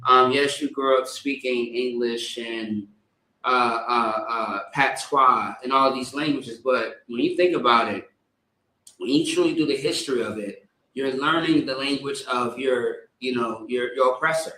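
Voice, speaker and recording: A man leading a religious service, reading scripture haltingly with stammered repeats, then preaching in a casual, rambling way. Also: medium pitch, pushed and bright. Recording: echoey room.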